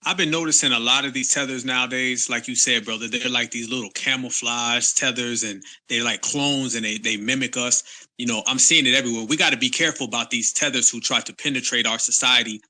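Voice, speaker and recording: Man with a bright, forceful voice. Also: mid-range voice, steady tone, fairly quick. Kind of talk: casual discussion.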